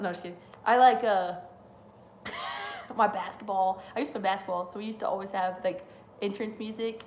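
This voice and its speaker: A woman's voice: medium pitch, fairly even intonation, moderate pace, darkish tone, a little hiss or hum. A young woman hosting a live stream, rambling casually with lots of fillers and frequent laughter.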